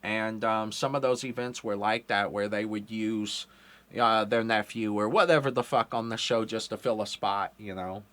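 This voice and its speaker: A man's voice: on the low side, steady tone, normal speed, a bit bright. A man in his thirties hosting a podcast interview, talking casually and profanely with lots of fillers. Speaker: podcast host.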